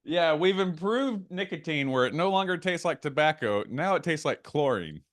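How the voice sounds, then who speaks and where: A man's voice: on the high side, sing-song, moderate pace, a bit bright, no echo, studio quality. A man co-hosting a casual podcast, talking animatedly and getting worked up, with asides and quoted bits. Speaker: podcast co-host. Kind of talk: casual chat.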